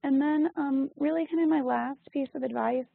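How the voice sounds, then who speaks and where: A woman's voice: sits high, moderate pace, gravelly. A woman presenting a webinar lesson, explaining with frequent ums and you-knows. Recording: tinny phone-like line, dry.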